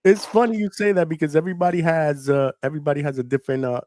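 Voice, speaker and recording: A man hosting a live call-in show, upbeat, laughing easily and quick with short affirmations. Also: fairly high pitch, steady tone, darkish tone, slight background noise. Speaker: host.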